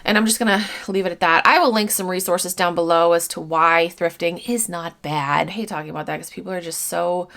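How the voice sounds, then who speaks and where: A woman's voice: fairly low pitch, steady tone, fairly quick, creaky, few pauses, fairly bright tone. A woman in her thirties, an online reseller answering viewer comments in a casual to-camera vlog, talking bluntly and swearing casually. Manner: candid and blunt, swears casually, laughs between points.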